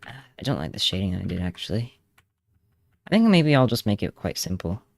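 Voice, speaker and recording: A man's voice: lowish voice, sing-song, moderate pace, vocal fry, no echo, clean studio sound. A young man streaming, chatting casually and rambling with laughs while he draws. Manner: rambling, laughing, hums along to songs. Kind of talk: casual livestream chat while drawing.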